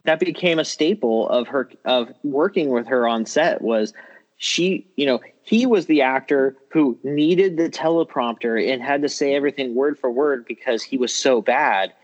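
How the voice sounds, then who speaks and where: A man chatting casually about a film, relaxed and a little hesitant. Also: mid-range voice, moderate pace, highs cut off.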